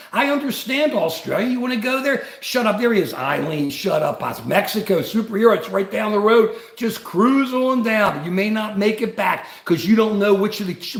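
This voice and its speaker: A man's voice: high voice, gravelly, reverberant. An older man and grandfather, host of a livestream, giving rambling, combative political commentary.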